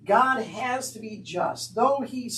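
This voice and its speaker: A man's voice: extremely high pitch, takes it slowly, bright, forceful tone, far from the mic, low-quality recording. A man teaching on scripture in an earnest, conversational way with wry asides. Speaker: Bible teacher. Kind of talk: Bible teaching talk.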